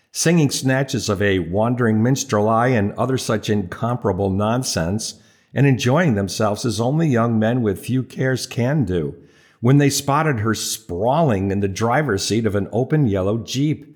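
A man's voice: mid-range voice, darkish tone. Wry male audiobook narrator. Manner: wry, playful storytelling. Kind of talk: scripted narration.

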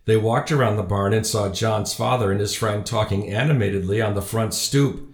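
A man narrating an audiobook in a measured, even storytelling manner. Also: lowish voice. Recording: roomy echo.

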